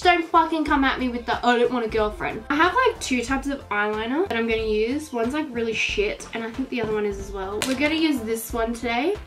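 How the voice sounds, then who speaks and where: A woman's voice: a little high, fairly bright tone. Sweary Australian teen girl ranting. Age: teens. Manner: ranting, swears a lot, lots of "like". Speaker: beauty vlogger. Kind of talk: casual chat while doing makeup. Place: at home, indoors.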